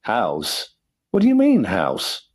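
A man voicing a flustered, fussy young English gentleman who dithers and frets. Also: low-pitched, unhurried. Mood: chatty.

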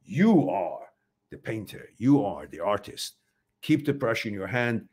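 Blunt, swearing man with lively pitch. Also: unhurried, slightly rough. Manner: blunt, swears freely, emphatic. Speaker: host. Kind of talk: motivational talk to viewers.

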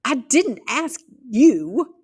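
A woman voicing a feisty young tomboy girl in a storybook reading, indignant and quick to shout. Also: on the high side, animated, pitched above the performer's own voice.

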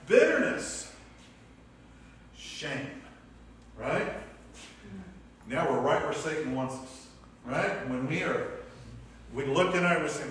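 A man teaching a church class, talking in a loose, conversational way and asking questions of the room. His voice sits a little higher than most men's. It was recorded from a distance in a very echoey room with a faint hiss under it. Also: sing-song, slow pace, pauses often, fairly bright tone. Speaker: Sunday school teacher. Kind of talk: church class lesson with discussion.

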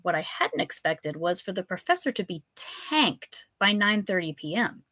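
A woman reading her own absurd comic story aloud in a live reading, telling it with expressive, animated delivery. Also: on the low side, normal speed, no room sound. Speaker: author and reader.

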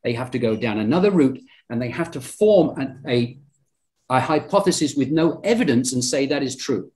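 A man's voice: mid-range voice, animated, moderate pace, a little mellow. A man with a British accent presenting in a Bible study discussion, insistent and argumentative with frequent restarts. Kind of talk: lecture-style group discussion.

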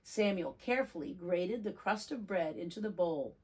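A preschool teacher reading a picture book aloud to children, gentle and expressive. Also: female voice, lowish voice, moderate pace, husky.

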